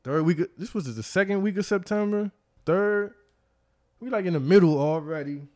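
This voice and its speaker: A middle-aged man hosting a podcast, telling stories in a loose, profane, animated way with frequent laughter. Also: high-pitched, moderate pace. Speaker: podcast host. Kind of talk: casual chat.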